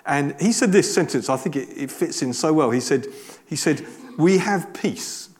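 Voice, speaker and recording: Guy preaching, chatty and earnest, slightly high voice, lots of restarts. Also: animated, normal speed, slight background noise. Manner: earnest, conversational, many restarts. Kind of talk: sermon.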